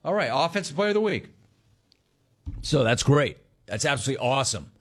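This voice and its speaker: Animated, fast-talking male sports radio host. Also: medium pitch. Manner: sarcastic, storytelling, impersonates callers and family.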